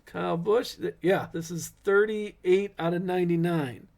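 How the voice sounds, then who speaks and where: A man's voice: sits high, measured pace, vocal fry, a little mellow. A middle-aged man hosting a live card break, chatting casually and cracking corny dad jokes.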